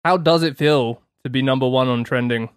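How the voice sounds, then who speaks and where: A man's voice: medium pitch, fairly quick, clean tone, dry recording, clean studio sound. A man co-hosting a comedy podcast, teasing the others in casual chat. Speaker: podcast co-host.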